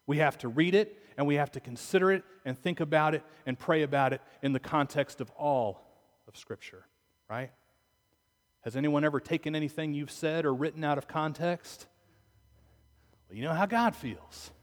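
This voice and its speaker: A male pastor delivers a sermon in a relaxed, conversational way and often turns to his listeners with rhetorical questions. His voice sits a little high for a man. The sound carries the long reverb of a church sanctuary. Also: normal speed.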